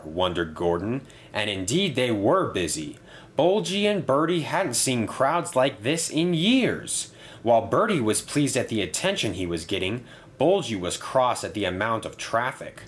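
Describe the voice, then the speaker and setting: Lively male storybook narrator. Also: lowish voice, measured pace.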